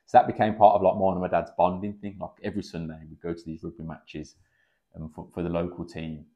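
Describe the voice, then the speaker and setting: Brief: guy in his thirties, deep voice, rapid casual storytelling, sweary, slightly dull podcast audio. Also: flat delivery. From England. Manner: chatty, swears freely, acts out quoted dialogue. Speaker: podcast guest, kickboxing coach.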